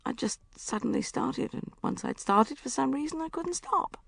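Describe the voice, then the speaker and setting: An expressive woman reads a comic first-person novel, her pitch moving widely. Her voice has a gravelly edge, and she sounds close and dry with no room. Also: moderate pace, no echo. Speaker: audiobook narrator. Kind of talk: first-person audiobook narration.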